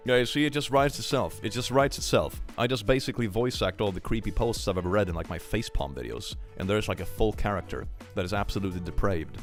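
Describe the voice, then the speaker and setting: A man's voice: lowish voice, quick pace, few pauses, faint music behind. A young man chatting casually on a live stream, joking and laughing often.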